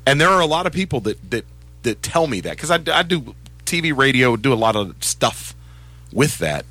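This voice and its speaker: A man co-hosting a sports radio show, chatting casually in an animated, self-deprecating way. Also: mid-range voice, moderate pace.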